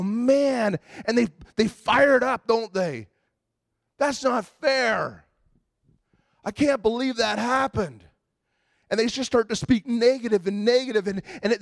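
High-voiced animated male preacher. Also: no echo, studio quality. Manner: animated storytelling, acting out quoted voices. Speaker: pastor. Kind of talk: sermon.

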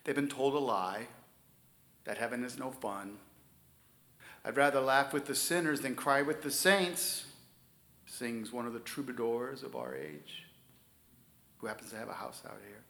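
A man preaching a sermon, stressing key words loudly and then dropping to near-whispers. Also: medium pitch, animated, a little slow, vocal fry, pauses often, reverberant. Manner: emphatic preaching, swings from loud stresses to soft near-whispers. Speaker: pastor.

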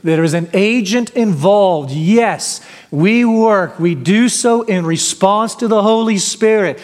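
Emphatic preacher in a reverberant hall. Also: male voice, high-pitched, takes it slowly. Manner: emphatic, declaiming, mimics whiners. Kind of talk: sermon.

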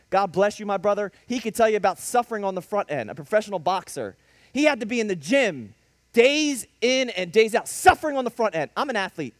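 A man preaching with a high, animated voice that swings widely as he tells stories and drives home his points. The sound is dry and close, with no room around it. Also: dry recording. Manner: animated preaching with storytelling and sudden emphatic rises. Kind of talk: sermon.

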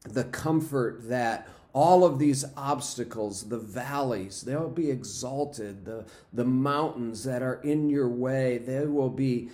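A man preaching a sermon, unhurried, with fillers and repeated phrases. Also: medium pitch, darkish tone. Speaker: pastor.

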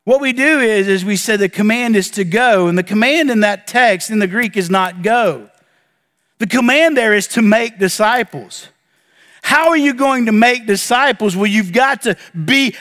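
A man preaching a sermon as pastor, earnest, with dramatic pauses and emphatic lists. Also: sits high, fairly bright tone, big-room sound.

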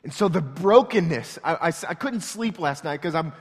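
A pastor preaching an earnest, emotional sermon that moves between hushed and loud passages. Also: male voice, fairly high pitch, animated, moderate pace, slightly rough. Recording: long reverb from a large hall.

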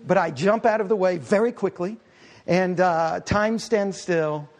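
A middle-aged male pastor delivers a sermon in a fairly high voice, spinning stories and tossing playful asides to his congregation. His words ring out with the long reverb of a large church hall. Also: measured pace. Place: church sanctuary.

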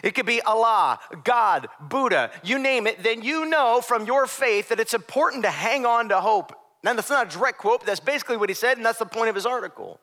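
A man's voice: very high voice, lively intonation, a little fast, hardly any pauses, sharp tone. A young adult man preaching a sermon as pastor, conversational with joking asides.

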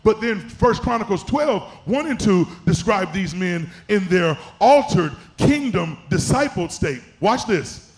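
High-pitched gravelly preaching man. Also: sing-song, unhurried. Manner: preaching with rising, chanted emphasis. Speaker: pastor. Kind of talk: sermon.

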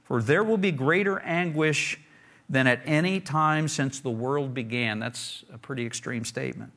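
A man's voice: medium pitch, normal speed, fairly bright tone. A man preaching a sermon, reading scripture aloud and then explaining it in a conversational, emphatic way, often repeating words for stress. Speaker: pastor.

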